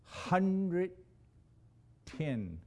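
A man preaching a sermon as a missionary, telling stories with dramatic swings between loud emphasis and hushed, low lines. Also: sing-song, extremely slow.

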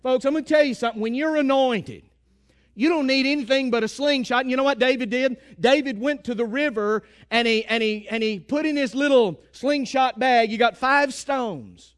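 High-voiced storytelling preacher man. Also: normal speed. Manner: storytelling preacher, acting out quotes, swings from hushed to shouted. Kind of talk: sermon.

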